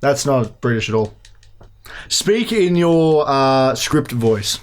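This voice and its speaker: A young man with a broad Australian accent, co-hosting a casual podcast. His voice sits at an everyday middle pitch. He talks in a laid-back, crude way. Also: lively intonation, slow. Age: young adult. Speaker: podcast co-host. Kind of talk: casual chat.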